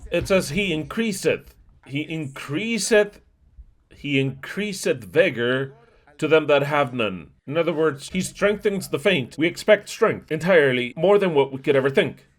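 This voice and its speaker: A man's voice: fairly high pitch, expressive, moderate pace. A man preaching a sermon, reading scripture aloud and explaining it emphatically, often swinging his pace and volume. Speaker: pastor.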